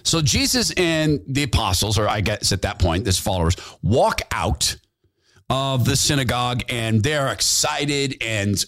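A man's voice: medium pitch, expressive, normal speed, fairly bright tone. A man hosting a podcast, giving fervent, repetitive, preachy commentary into a studio mic. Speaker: podcast host. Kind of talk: impassioned political commentary.

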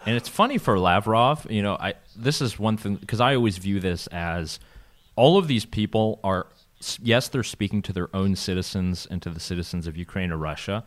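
A man's voice: fairly low pitch, normal speed. A man co-hosting a podcast, talking casually with lots of fillers and restarts and laughing often. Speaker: podcast co-host. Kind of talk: casual conversation. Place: Vienna, Austria.

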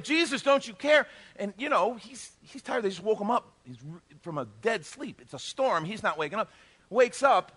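A middle-aged male pastor preaching a sermon, telling the story with animated, joking delivery and acting out the characters' lines. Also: high voice. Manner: animated storytelling, acts out voices, jokes with the congregation.

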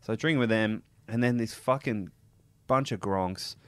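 A young Australian man telling a rambling, animated story on a podcast, with lots of swearing. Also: on the low side, normal speed, clean tone, dry recording. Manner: rambling, animated, heavy swearing, laughs often. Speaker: podcast co-host. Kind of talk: casual chat, swearing storytelling.

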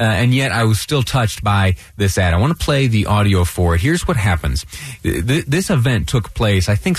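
A man hosting a radio talk show, speaking earnestly and a little haltingly, with restarts and fillers. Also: lowish voice, no echo.

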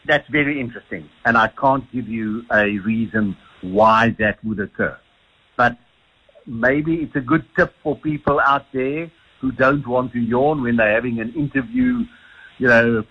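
A man's voice: mid-range voice, expressive, normal speed, slightly rough, dull audio. A South African man, a sleep doctor, answering radio phone-in questions with many restarts and repeated words. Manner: hesitant, repeats words often.

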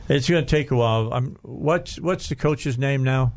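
A man's voice: mid-range voice, normal speed, darkish tone. A man hosting a casual radio talk show, rambling and chatty, often trailing off and restarting his sentences.

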